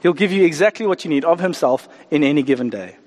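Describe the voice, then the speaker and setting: Preacher with a lively delivery in an echoing hall. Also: male voice, a little high, quick pace. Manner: animated, acts out voices of people and God. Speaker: pastor. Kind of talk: sermon.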